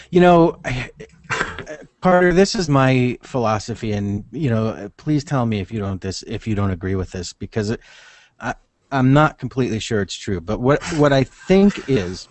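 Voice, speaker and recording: A man's voice: medium pitch, no room sound. A man, a podcast guest, giving casual business advice in a rambling, think-aloud way with many restarts.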